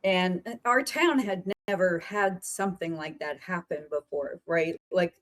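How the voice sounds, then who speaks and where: Podcast host: a woman from central Pennsylvania with a lowish voice, rambling but lively storyteller. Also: unhurried, low-quality recording. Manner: chatty, meandering, animated. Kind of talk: casual storytelling chat.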